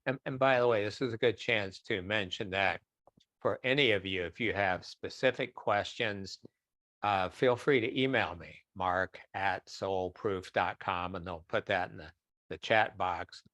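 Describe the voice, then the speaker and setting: A man's voice: low voice, a little slow, fairly bright tone, dry recording. A man speaking as a guest in an online question-and-answer session, chatty, sometimes acting out voices in quotes. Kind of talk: online webinar Q&A.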